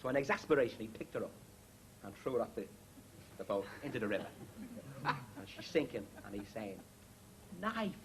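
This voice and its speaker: A man's voice: fairly low pitch, brisk, long pauses, a crowd in the background, rough recording. A man on a comedy panel telling a long joke in a chatty, rambling way. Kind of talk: telling stand-up jokes.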